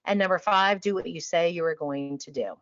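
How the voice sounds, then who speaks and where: Woman trainer, emphatic and lively, low-ish voice, muffled web audio. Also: fairly quick. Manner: energetic and emphatic, drops to a calm low voice to demonstrate. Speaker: industry trainer on a webinar panel. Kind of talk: passionate talk to travel advisors. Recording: dull lo-fi online audio.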